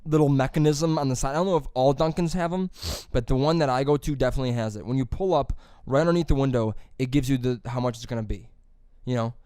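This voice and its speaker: A man co-hosting a podcast, telling rambling stories in casual chat, swearing and acting out quick impressions. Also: medium pitch, dark tone, clean tone, no room sound, studio quality. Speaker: podcast co-host.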